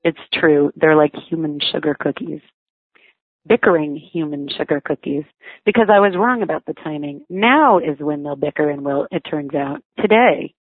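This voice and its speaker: A woman's voice: low voice, lively intonation, normal speed, dry recording. A mother reading her own memoir aloud in a wry, reflective storytelling manner. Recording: thin phone-like sound, dry.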